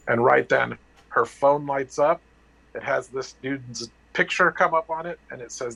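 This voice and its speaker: A man's voice: medium pitch, gravelly, a bit bright, breathy edge, low-quality recording. A man candidly telling a personal story, blunt and profane, acting out the dialogue and restarting his sentences. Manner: halting with restarts and fillers.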